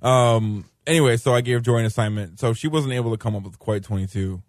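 A man co-hosting a radio talk show, relaxed and a bit hesitant. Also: medium pitch, fast, dry recording, studio quality.

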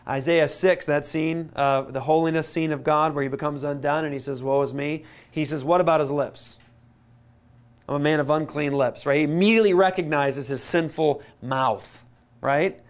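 A man preaching a teaching sermon, emphatic, slowing down and stressing key words, with quick asides in between. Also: a little high. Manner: emphatic, slows down on key words and repeats them. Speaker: pastor.

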